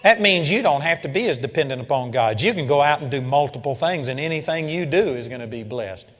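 A man preaching a sermon to a congregation and telling a story, building to loud, emphatic peaks. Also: on the high side, lively intonation, quick pace. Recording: dull, echoey hall recording.

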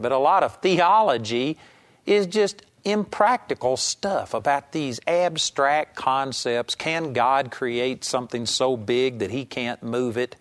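A male Bible teacher giving a teaching sermon. His voice sits at an ordinary middle pitch. He talks conversationally and with emphasis, slowing down when he reads scripture aloud. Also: a bit bright.

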